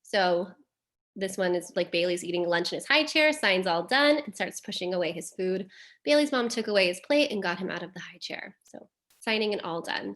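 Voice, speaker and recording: In a caregiver webinar, a woman who is a behavior analyst walks through terms in plain words. Her mid-range voice is a bit bright, and fillers like "um" and "like" come up often.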